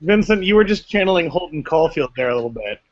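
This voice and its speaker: A man's voice: fairly high pitch, expressive, quick pace. A man hosting a podcast in a casual chat, playful as he moderates and sums up the others' views. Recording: dull lo-fi podcast audio.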